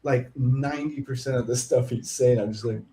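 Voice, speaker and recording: A man's voice: mid-range voice, fairly quick. A man hosting a casual chat, joking and mimicking other people's voices. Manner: animated, jokey, mimics voices. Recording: faint background noise.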